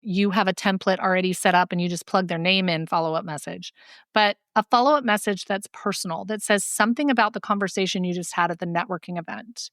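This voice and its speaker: A woman co-hosting a podcast, chatting in an animated, self-deprecating way about networking. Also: on the low side, quick pace, no echo, clean studio sound. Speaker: podcast co-host. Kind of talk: casual chat.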